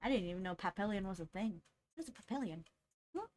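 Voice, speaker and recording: A woman's voice: medium pitch, sing-song, fast talker, darkish tone. A woman streamer chatting casually with her live chat, greeting viewers by name and laughing often.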